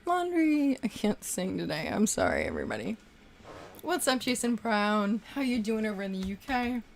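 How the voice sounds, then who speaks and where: A woman's voice: mid-range voice, sing-song, normal speed, vocal fry, a little hiss or hum. A young woman hosting a casual livestream, chatting and effusively thanking viewers for their super chats.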